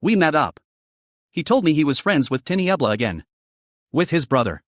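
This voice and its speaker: A man's voice: on the high side, very animated, normal speed, dry recording, clean studio sound. A man narrating a personal story in a casual, conversational way, dropping "man" and swear words.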